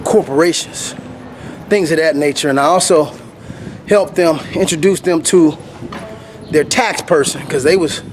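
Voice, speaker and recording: A man telling his life story in a casual, animated vlog while walking uphill outdoors, slightly out of breath and laughing now and then. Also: a little high, a little slow, pauses often, slight background noise. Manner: animated, laughs often, acts out what people said. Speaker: vlogger.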